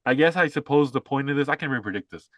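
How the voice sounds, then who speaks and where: Young man, podcast co-host, rambling, sarcastic, filler-heavy, mid pitch, dry close sound. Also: animated, rapid-fire, a bit bright, dry recording. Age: young adult. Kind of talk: casual political commentary.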